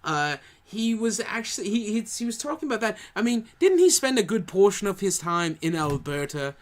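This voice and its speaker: A man's voice: high-pitched, big pitch swings, normal speed. A man co-hosting a casual podcast chat, talking with dry, wry humor. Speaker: podcast co-host.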